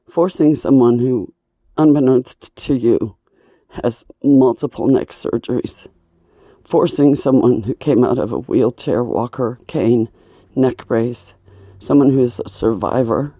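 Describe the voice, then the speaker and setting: A singer and breathing teacher, a woman with a hoarse, broken voice, speaking in a halting, pleading, aggrieved personal monologue indoors at home. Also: very deep voice, warm tone, no room sound.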